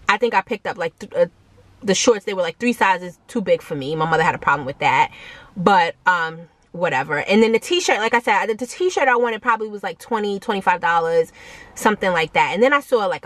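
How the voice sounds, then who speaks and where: A young adult woman vlogging a casual storytime, animated, with many fillers and asides to her viewers and higher-pitched quoted voices. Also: dry recording.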